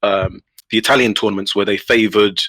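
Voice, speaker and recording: A man telling a story in a casual podcast chat, animated, with many restarts. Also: fairly low pitch, brisk, no room sound, low-quality recording. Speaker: guest player.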